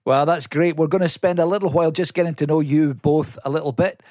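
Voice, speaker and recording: A man's voice: a little high, steady tone, brisk, darkish tone, no room sound, studio quality. Man hosting a faith podcast. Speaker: podcast host. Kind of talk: casual interview chat.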